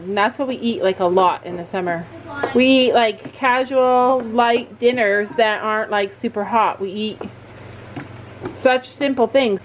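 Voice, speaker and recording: Brief: rambling mom vlogger at the barn, slightly high voice, muffled lo-fi sound. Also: female voice, slight background noise. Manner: chatty, rambling, lots of fillers. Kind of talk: casual vlog chat. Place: horse barn. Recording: dull lo-fi camera audio.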